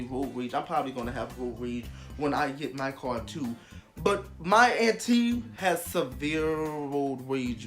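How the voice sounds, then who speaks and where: A young vlogger telling a story casually, animated and emphatic, with heavy swearing. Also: mid-range voice.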